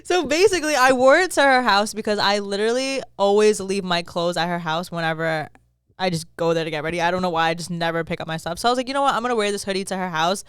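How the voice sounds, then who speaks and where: A woman's voice: medium pitch, fast talker, a bit bright, clean tone, dry recording, clean studio sound. A woman co-hosting a podcast, chatting in a laid-back way and recounting conversations, laughing often. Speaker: podcast co-host. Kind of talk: casual chat.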